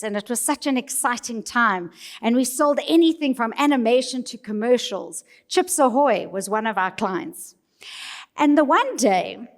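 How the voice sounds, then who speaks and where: A middle-aged woman with a South African accent, telling a personal story to a live audience in an animated, playful way. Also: fairly high pitch. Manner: animated, playful, quotes people in put-on voices. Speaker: speaker. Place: large hall. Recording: long reverb of a large hall.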